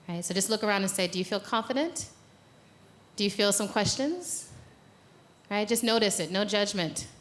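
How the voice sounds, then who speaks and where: An American woman, an organizer, leading a guided exercise and then giving a playful, conversational talk from a conference stage. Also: mid-range voice. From United States. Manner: playful, conversational, laughs at own jokes. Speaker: speaker and organizer. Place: conference venue.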